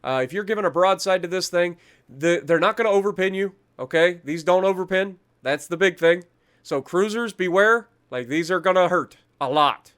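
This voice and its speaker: A man with a fairly high voice talks through game patch notes at home. He is chatty and self-mocking, trips over foreign names and drifts into small rants about the game's developers. His delivery stays loose and conversational. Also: normal speed, fairly bright tone, smooth. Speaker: gaming channel host. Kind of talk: casual patch-notes commentary.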